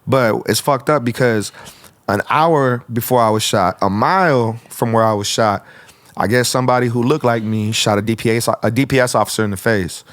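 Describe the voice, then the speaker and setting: A man's voice: mid-range voice, normal speed, a bit bright, no room sound. A man from Arizona, a rapper guest telling stories in a casual interview, swearing freely and acting out what others said. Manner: profane, rambling, acts out others' lines.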